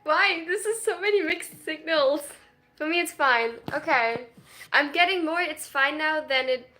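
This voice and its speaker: Shy, bright-voiced young woman streamer. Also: sits high, a little slow, faint music behind. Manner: shy and self-conscious, hesitant restarts, nervous laughs. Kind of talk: casual live-stream chat, reading viewer comments aloud.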